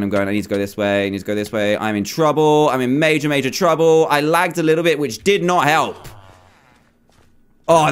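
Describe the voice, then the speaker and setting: Excitable lively gaming commentator man. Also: a little high. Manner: excitable, quick to exclaim and laugh, repeats phrases. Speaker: gaming YouTuber. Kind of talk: live gameplay commentary.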